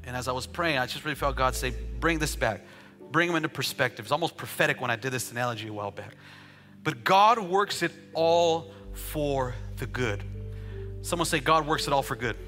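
A man preaching a sermon as a pastor, chatting and joking with the congregation before building up to loud, rhythmic declarations. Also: mid-range voice, animated, a little fast, faint music behind. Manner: conversational preaching with jokes, rising to shouted declarations.

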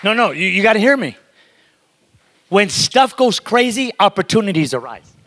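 The guest preacher's high-pitched, fairly bright voice swings widely in pitch at normal speed as he talks straight to the congregation. He's emphatic, and the sanctuary adds long, large-hall reverb.

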